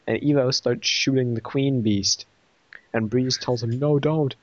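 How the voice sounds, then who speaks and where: A man's voice: medium pitch, steady tone, unhurried, no room sound, lo-fi sound. A man casually reviewing an episode, retelling the plot in a rambling way and voicing quoted lines.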